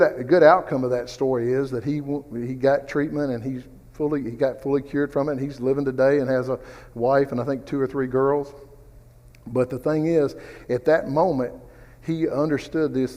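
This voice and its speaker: A man's voice: medium pitch, a little mellow, in a large hall. Man teaching a rambling, chatty Bible class. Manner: rambling, with personal stories and asides. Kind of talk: conversational Bible study teaching. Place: church classroom.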